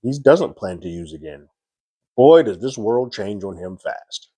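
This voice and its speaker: Low, husky-voiced man reviewing TV. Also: expressive, measured pace, mellow, no echo. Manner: loose, conversational retelling with frequent fillers. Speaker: TV series reviewer. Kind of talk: casual episode recap and review.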